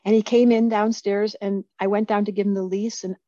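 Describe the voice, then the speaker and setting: A woman in her sixties, an astrologer, talking casually in an interview and telling stories with lively acted-out quotes. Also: mid-range voice, a little fast, dry recording, muffled recording. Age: 60s. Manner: animated storyteller who acts out quoted speech. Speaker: astrologer guest.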